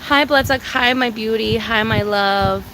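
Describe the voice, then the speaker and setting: A woman's voice: on the high side, unhurried, noisy background. A young woman chatting live with viewers in a bubbly, profane way. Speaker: livestreamer. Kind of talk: casual live chat. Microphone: phone.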